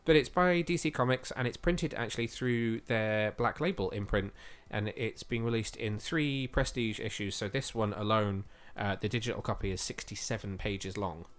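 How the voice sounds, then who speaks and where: A man's voice: lowish voice, normal speed, hardly any pauses, fairly bright tone. A man co-hosting a podcast, chatting eagerly with lots of fillers, his voice slightly going. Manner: chatty and enthusiastic, with frequent fillers. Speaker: podcast co-host. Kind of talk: casual podcast chat.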